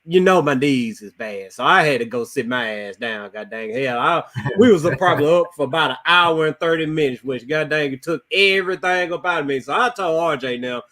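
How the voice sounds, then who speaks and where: A man telling a story in a casual podcast, animated and salty, swearing constantly. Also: fairly high pitch, fairly quick, few pauses.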